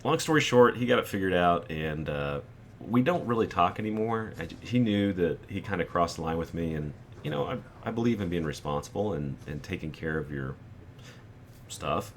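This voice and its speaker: Deep voiced guy in his 40s rambling a story over a game, faint hiss behind. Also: lively intonation, moderate pace. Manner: rambling, anecdotal, acts out quotes. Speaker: gaming channel host.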